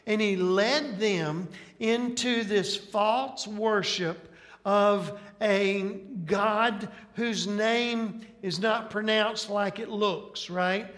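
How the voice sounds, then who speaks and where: Slow, high-voiced Alabama preacher in a reverberant hall. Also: male voice, steady tone, fairly bright tone. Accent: Southern US, Alabama. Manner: folksy, checks in with "right?". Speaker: preacher, Bible teacher. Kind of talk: sermon.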